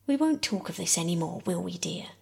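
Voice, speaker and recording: A woman softly voicing a weary, tender mother in a whispered role-play reading. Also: fairly low pitch, expressive, brisk, creaky, slightly rough, heavily acted. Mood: gentle. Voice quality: soft whisper. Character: weary, tender mother, grieving but firm.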